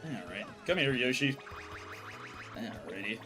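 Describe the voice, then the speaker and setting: A man's voice: medium pitch, expressive, a little slow, music in the background. A man streaming a video game, chatting casually and laughing easily. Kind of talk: let's play commentary.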